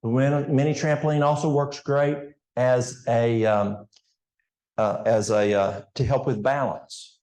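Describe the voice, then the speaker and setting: A man's voice: medium pitch, steady tone, unhurried, a little mellow, echoey room. An older man with an East Tennessee Appalachian accent, giving a folksy health seminar talk in a church and addressing the audience directly. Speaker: health educator.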